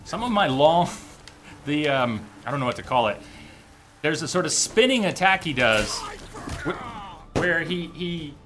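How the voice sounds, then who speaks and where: Gameplay streamer, male, lively bright voice, thinks aloud, faint game music behind. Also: a little high, a little slow, pauses often. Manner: animated, thinking aloud, sudden loud outbursts. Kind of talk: casual gameplay commentary.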